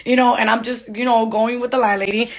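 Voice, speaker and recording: A young woman vlogger telling a story in a casual, animated way, acting out the others' lines as she goes. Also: a little high, a little fast. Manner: animated, mimics others' voices in quotes.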